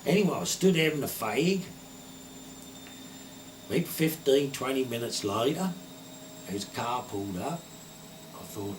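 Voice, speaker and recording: A man's voice: mid-range voice, a little mellow, a little hiss or hum. Older Suffolk man spinning yarns. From Suffolk, England. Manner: broad rural dialect, acts out quoted dialogue. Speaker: retired poacher. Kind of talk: anecdotal storytelling.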